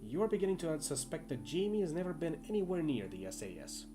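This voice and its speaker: A man reading an interactive fiction game aloud in expressive second-person narration, with occasional asides. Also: on the high side, fast, over music. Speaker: game player and reader.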